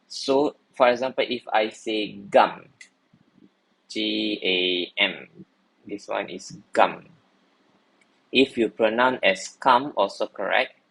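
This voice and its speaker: Slow, husky male teacher. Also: fairly low pitch, fairly bright tone, rough recording. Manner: patient, repeats "okay" often, slow explanatory. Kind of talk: language lesson explaining writing.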